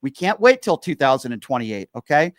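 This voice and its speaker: A man's voice: medium pitch, big pitch swings, brisk, dry recording, studio quality. A man hosting a call-in show, earnest and reassuring as he talks to callers. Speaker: host.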